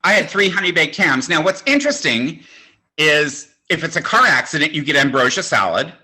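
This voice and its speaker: A man's voice: on the high side, very animated, normal speed, bright, forceful tone. A man in his sixties doing a stand-up comedy set, with a campy, conversational, self-mocking delivery. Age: 60s. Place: home, virtual show.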